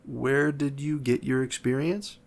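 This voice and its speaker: Flustered polite coach in a kids' story, read by a man, slow. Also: mid-range voice, fairly even intonation, gravelly, voice pushed up. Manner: stammering. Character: polite nervous male school coach.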